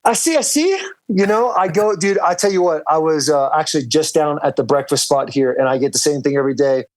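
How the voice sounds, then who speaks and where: Rambling laid-back man, fairly high voice. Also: a little fast. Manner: loose and rambling, full of "like" and "dude". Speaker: podcast co-host calling in from abroad. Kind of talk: casual chat.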